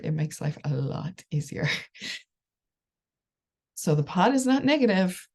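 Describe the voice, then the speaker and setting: Low gravelly woman coaching casually. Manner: conversational, reassuring, frequent "right?" and soft laughs. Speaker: life coach. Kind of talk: casual solo coaching talk.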